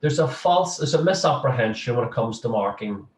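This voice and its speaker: A man's voice: medium pitch, lively intonation, brisk, a little hiss or hum. Male lecturer, middle-aged, chatty and joking, recorded with a distant mic in an echoey room. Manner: chatty and humorous, with frequent restarts. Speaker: social work lecturer. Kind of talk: casual interview chat.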